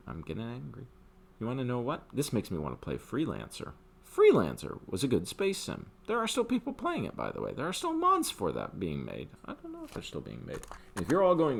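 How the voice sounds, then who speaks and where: An older man with a low voice rants in a casual way at his desk. His pitch swings wildly from gruff mutters to sudden high, loud outbursts. He sounds like he is talking off the cuff into a desktop mic. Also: huge pitch swings, normal speed. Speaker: gaming commentator. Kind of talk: casual rant.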